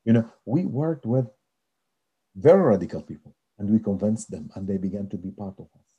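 A man from Israel, a religious leader and peace activist, telling stories in an interview in animated, hesitant, non-native phrasing. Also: fairly low pitch, brisk, husky, lo-fi sound.

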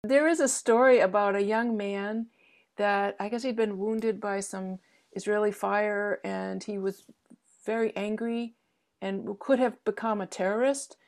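A woman interviewer asking calm questions and summing up the answers briefly. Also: mid-range voice, a little slow. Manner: calm, brief prompts and summaries.

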